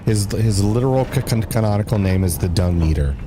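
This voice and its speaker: A man's voice: fairly low pitch, expressive, fairly quick, noisy background. A man streaming a game, chatting casually and joking, at times hamming up a bro voice. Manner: joking, slips into a mock bro voice. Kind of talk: casual gameplay commentary.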